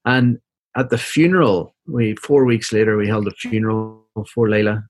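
A middle-aged man, a seminary professor and minister, telling a personal story as an interview guest in a soft, reflective, halting way, often repeating words as he goes. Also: lowish voice, fairly even intonation, no echo.

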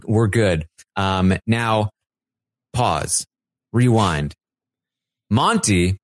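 Guy on a podcast going over what happened, lower voice, jumps into goofy voices for quotes, super dry close mic. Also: dry recording. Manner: animated, acts out quotes in high put-on voices. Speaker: podcast co-host. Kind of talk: casual recap chat.

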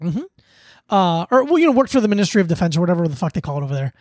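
A man's voice: high voice, very animated, racing, darkish tone, no room sound, clean studio sound. A man co-hosting a podcast in loose, joking casual chat, with frequent swearing. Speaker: podcast co-host.

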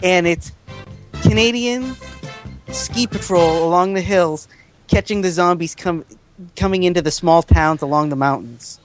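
A man's voice: high-pitched, a little slow, faint music behind. A man co-hosting a casual podcast, wry and dry in his humor. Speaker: podcast co-host.

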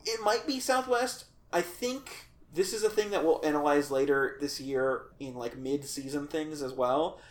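A rambling, jokey podcast co-host in a casual chat. The voice sits at an ordinary middle pitch, drifting between thoughts with quick asides.

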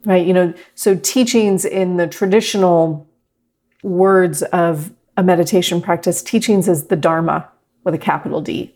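Soft-spoken lower-voiced woman meditation teacher. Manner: gentle, reflective, speaks to a class. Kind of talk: guided meditation talk.

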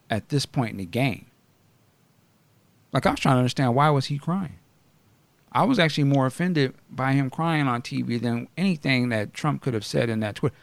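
A man hosting a podcast in casual chat, blunt and animated, often laughing and asking questions. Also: medium pitch, gravelly, no echo. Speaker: podcast host.

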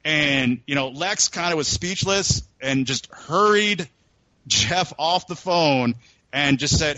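A man's voice: fairly high pitch, animated, takes it slowly, sharp tone, dry recording. A man co-hosting a podcast, telling a long story in a casual, rambling way, full of restarts. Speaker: podcast co-host. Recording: dull, dry recording.

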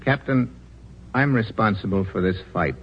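An actor playing a patient, earnest army chaplain in 1940s radio acting, gentle and persuasive. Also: male voice, lowish voice, moderate pace, dull audio, a little hiss or hum, close to an everyday voice.

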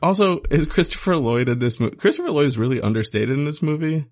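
A man co-hosting a casual movie-review chat in a relaxed, offhand way. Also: a little high, fast, muffled recording. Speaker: podcast co-host.

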